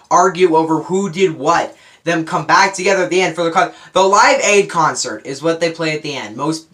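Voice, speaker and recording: A man's voice: a little high, fairly bright tone. A young man giving a casual, unscripted movie review, rambling and correcting himself as he goes. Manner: rambling, self-correcting, enthusiastic.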